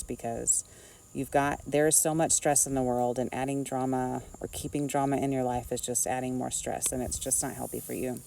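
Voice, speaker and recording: A woman's voice: a bass voice, steady tone, moderate pace, gravelly, dark tone, recorded from a distance, a little hiss or hum, rough recording. A woman, a nurse, giving earnest, rambling spiritual advice in a casual vlog, recorded outdoors.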